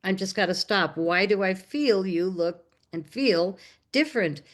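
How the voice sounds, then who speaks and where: A woman's voice: mid-range voice, a little slow. An American woman, a documentary filmmaker and guest on an interview, tells a personal story casually and acts out the voices of the people in it. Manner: animated, acts out quoted dialogue.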